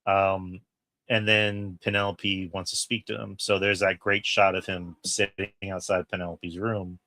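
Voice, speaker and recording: Excited, profane man, low bright voice. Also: unhurried, no echo. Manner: excited, profane, retells scenes with quoted lines. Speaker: podcast co-host. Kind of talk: casual film review chat.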